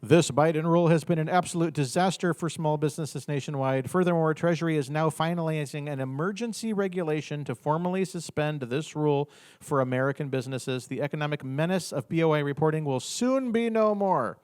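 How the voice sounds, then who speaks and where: A man's voice: fairly high pitch, brisk, darkish tone, clear, resonant tone, no echo, studio quality, lightly acted. A man reading out a politician's statement in an impression of a blustering male politician, emphatic and declaiming.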